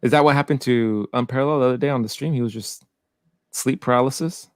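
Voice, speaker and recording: A man's voice: mid-range voice, fast talker, dry recording, clean studio sound. A man hosting a live stream, teasing his guest, laughing often and reading viewer comments aloud. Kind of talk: casual live-stream banter.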